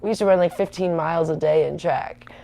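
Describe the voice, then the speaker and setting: A woman's voice: low voice, fairly even intonation, a little fast, gravelly, warm tone. A woman in her thirties hosting a livestream, rambling chattily and answering viewer comments. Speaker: livestream host. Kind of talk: casual rambling livestream chat.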